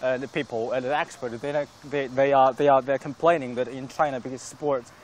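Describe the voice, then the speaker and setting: A man working as a correspondent, chatting casually while jogging and talking in halting restarts. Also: mid-range voice, fairly even intonation. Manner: talks in halting restarts, out of breath. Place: outdoors in a park. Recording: faint background noise outdoors.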